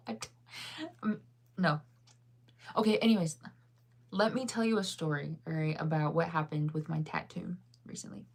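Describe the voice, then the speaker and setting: Young woman, slightly low voice, rambling vlog chat, words fully enunciated. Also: fairly even intonation, normal speed, vocal fry, long pauses. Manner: rambling, chatty, laughs often. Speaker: vlogger. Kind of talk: casual chat to viewers.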